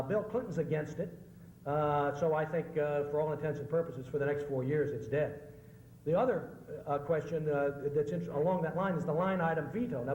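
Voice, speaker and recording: A man's voice: on the high side, darkish tone. A middle-aged American man, a political journalist, giving a public lecture, telling jokes and answering questions in a conversational way. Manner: conversational storytelling with joke punchlines. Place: lecture hall. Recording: echoey hall with faint hiss.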